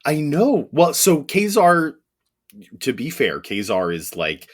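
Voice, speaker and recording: A man co-hosting a comics podcast in casual chat, relaxed and chuckling. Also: on the high side, takes it slowly, slightly rough. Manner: relaxed, chuckling, many fillers. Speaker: podcast co-host.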